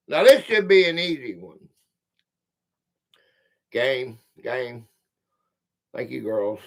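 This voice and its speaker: A man's voice: high voice, very animated, slow pace, pauses often, distant mic. A man with a Southern US country drawl hosting a live quiz stream, chatting loosely with viewers and reading questions aloud. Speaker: quiz livestream host. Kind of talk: casual livestream chat.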